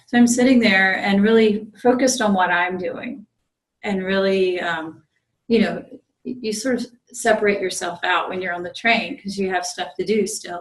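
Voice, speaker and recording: A woman priest telling a story in a relaxed dharma talk, with frequent fillers and restarts. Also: mid-range voice. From United States. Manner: conversational, many fillers and restarts. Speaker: visiting Zen priest giving a dharma talk. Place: meditation group room. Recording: roomy echo.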